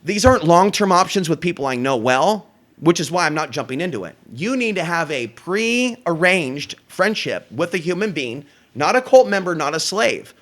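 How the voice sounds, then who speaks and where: Brash, bright-voiced man ranting. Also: on the high side, big pitch swings, moderate pace. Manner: profane, confrontational, ranting. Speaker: show host. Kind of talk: unscripted solo talk show rant.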